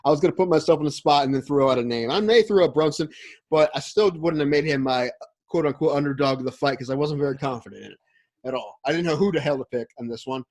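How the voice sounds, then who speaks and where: A fast-talking man with a slightly high voice, co-hosting a casual podcast. He rambles through his opinions and hedges them with plenty of "I think" and "I could be wrong". His delivery stays loose and conversational. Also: a little mellow. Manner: rambling, hedging fan talk. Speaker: podcast co-host. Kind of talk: casual chat.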